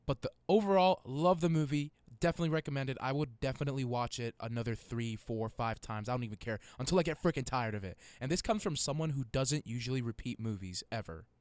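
A man's voice: mid-range voice, quick pace, hardly any pauses, a little mellow, no room sound. A man co-hosting a casual podcast, joking crudely and laughing often. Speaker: podcast co-host. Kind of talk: casual chat. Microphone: studio mic.

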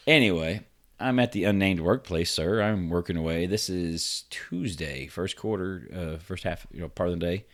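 A man's voice: low voice, moderate pace. Laughing man telling a work story. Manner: animated, laughs through the story, swears freely. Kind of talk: casual storytelling chat.

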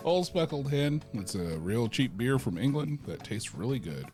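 A man's voice: mid-range voice, big pitch swings, moderate pace, darkish tone, soft background music. Dry-humored male podcast co-host. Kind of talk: casual chat.

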